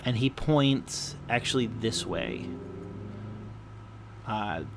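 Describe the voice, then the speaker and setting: A man's voice: on the low side, expressive, very slow, noisy background. A man narrating as game master in a tabletop session, hesitant and full of fillers.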